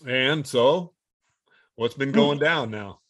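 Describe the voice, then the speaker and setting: A man conducting a relaxed conversational interview, prompting his guest with questions. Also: medium pitch, slow, background noise.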